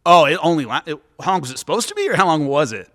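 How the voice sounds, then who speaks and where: A man, a former fighter and commentator, giving coaching advice and telling lively stories in a podcast chat, acting out what people said. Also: on the high side, rapid-fire. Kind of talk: animated storytelling in a podcast chat. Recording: long hall reverb.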